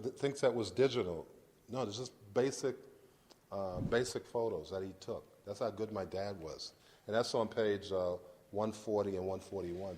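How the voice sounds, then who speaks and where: A man's voice: lowish voice, darkish tone. Middle-aged guy giving a talk, loose and chatty, keeps restarting and asking if it makes sense. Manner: conversational, repeats and restarts, asks "does that make sense". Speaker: guest lecturer. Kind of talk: informal lecture to an audience. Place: university lecture hall.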